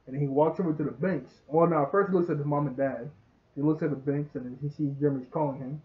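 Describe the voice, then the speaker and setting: A chatty man recaps a show, laughing often and breaking into bits of acted dialogue. His voice sits a little higher than average. The sound is thin and tinny, like a phone line. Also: fairly even intonation, fast. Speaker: show reviewer. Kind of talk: casual recap.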